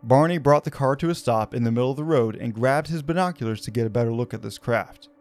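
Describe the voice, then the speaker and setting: A man's voice: medium pitch, quick pace. A man hosting a podcast, telling a story in a casual, conversational way with fillers. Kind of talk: conversational narration of a paranormal story.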